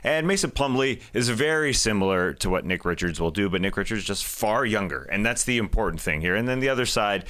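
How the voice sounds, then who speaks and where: Male co-host, low voice, bright, casual analysis. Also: lively intonation, fairly quick, few pauses. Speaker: podcast co-host. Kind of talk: sports analysis chat.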